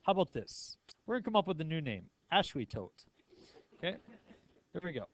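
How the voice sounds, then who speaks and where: A man's voice: fairly high pitch, very animated, a little fast, fairly bright tone, lo-fi sound. A male math teacher lecturing a class in a playful way, asking his students many questions.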